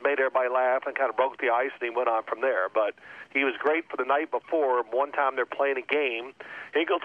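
An older man in his sixties tells stories in an animated, casual way and keeps slipping into other voices for his quotes. The sound is thin and narrow, like it is coming through a phone. His pitch sits in the middle. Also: a little fast. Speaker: guest, former pro quarterback. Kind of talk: casual storytelling. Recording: phone-like line.

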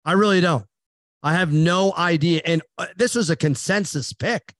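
A man hosting a sports betting show, briskly rattling off spreads, percentages and his picks. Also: fairly high pitch, no echo, clean studio sound. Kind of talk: casual sports betting chat.

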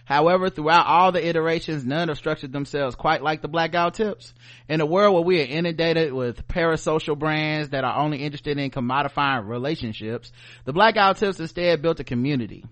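Southern man co-host: slightly high voice, animated and joking, casual podcast chat. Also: brisk.

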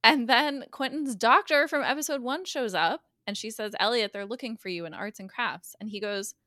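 Bright animated woman recapping a show. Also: a little high, dry recording, studio quality. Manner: animated storyteller, acts out lines with quick voice shifts. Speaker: guest co-host recapping a TV episode. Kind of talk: casual podcast chat.

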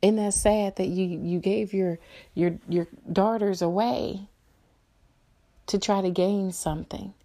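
Gravelly middle-aged woman ranting bluntly. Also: mid-range voice, steady tone, takes it slowly, dark tone. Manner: blunt, angry, profane ranting. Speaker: podcast host. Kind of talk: solo opinion podcast.

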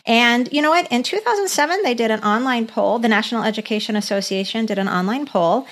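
A woman's voice: a little high, quick pace. Chatty woman podcast co-host. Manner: enthusiastic, chatty. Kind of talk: casual chat.

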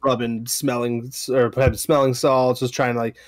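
Brief: game master, relaxed halting narration, dry close sound. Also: male voice, medium pitch, no room sound.

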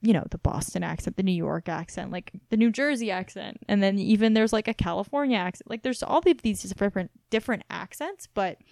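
A woman's voice: mid-range voice, a little fast, creaky, hardly any pauses, no room sound, studio quality. Chatty young woman with a faint twang. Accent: faint Southern Midwestern twang. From Missouri. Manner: chatty, many fillers, animated. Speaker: podcast co-host. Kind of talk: casual chat.

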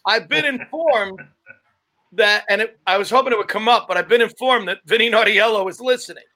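A man hosts a loose, joking conversation and teases his guest. His voice is very high and bright. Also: a little fast. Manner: teasing, joking banter. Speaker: podcast host. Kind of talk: casual chat.

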